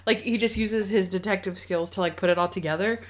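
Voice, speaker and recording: A young woman co-hosting a podcast, chatting casually and excitedly with many fillers. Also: medium pitch, fast talker. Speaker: podcast co-host. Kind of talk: casual chat.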